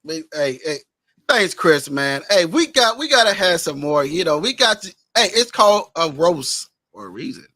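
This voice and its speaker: A man's voice: fairly high pitch, very animated, normal speed, pushed and bright, dry recording. A man emceeing a live roast, teasing and laughing as he talks over a video call. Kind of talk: live show banter.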